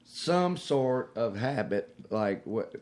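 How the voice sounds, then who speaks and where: A man's voice: mid-range voice, animated, takes it slowly, a little mellow. A man, hosting a podcast in casual chat, telling stories and acting out the people in them. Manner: storytelling, acts out voices of the people in his story. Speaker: podcast host.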